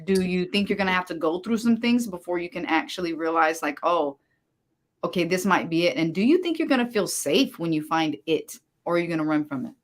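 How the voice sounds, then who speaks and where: A woman hosting an interview, asking measured, probing questions about relationships. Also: on the low side, lively intonation. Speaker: host, relationship coach.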